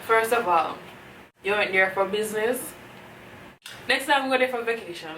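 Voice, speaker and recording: A woman with a Jamaican accent giving calm, explanatory commentary as a reaction host. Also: medium pitch, moderate pace, a little hiss or hum. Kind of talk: casual commentary. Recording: echoey room, distant mic.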